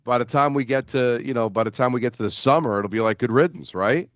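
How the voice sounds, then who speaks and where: A man's voice: medium pitch, fast talker, no room sound, muffled recording. A man co-hosting a sports radio show, giving matter-of-fact opinions on the games. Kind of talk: casual sports talk.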